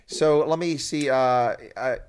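A man's voice: medium pitch, slow, a little mellow, clean tone. A man hosting a live stream interview, chatting casually and teasing his guest. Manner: joking and teasing.

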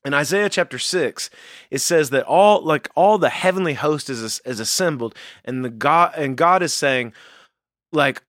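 Brief: earnest male podcast co-host, animated pitch, dry close sound. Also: a little slow, no echo. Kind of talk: casual faith podcast chat.

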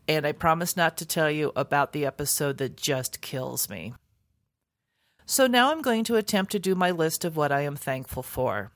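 A woman's voice: sits low, no room sound, studio quality. A woman hosting a food podcast, reading her intro earnestly and then interviewing a guest. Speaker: podcast host.

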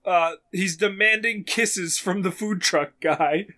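A man's voice: high-pitched, slow, noisy background. A young man in casual chat, telling a story animatedly and swearing freely. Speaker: podcast co-host telling a story.

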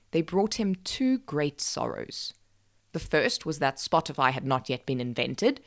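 Low-pitched woman telling a folk tale, dry deadpan humor, voice swings up and down a lot. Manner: wry, deadpan asides. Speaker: podcast storyteller. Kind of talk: scripted narration.

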